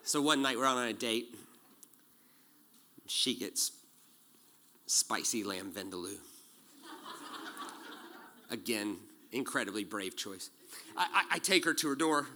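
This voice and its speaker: A man in his forties preaching a sermon, animated and joking, acting out quotes as he tells stories. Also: mid-range voice, slow, pauses often, slight background noise. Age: 40s. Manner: animated storytelling with jokes and acted-out quotes. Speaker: pastor.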